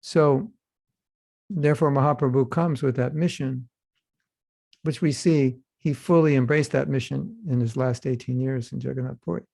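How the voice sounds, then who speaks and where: A man's voice: mid-range voice, normal speed, gravelly, darkish tone. A middle-aged man giving an informal, humorous scripture class and acting out the quoted dialogue as he goes. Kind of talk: informal sermon.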